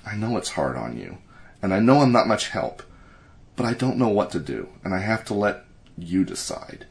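Man reading tired careful wife, straightforward, soft, lowish voice. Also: sing-song, normal speed.

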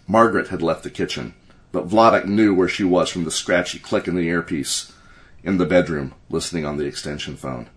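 A man reading a short story aloud as narrator, in a steady storytelling manner. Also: deep voice, a little fast. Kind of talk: audiobook narration.

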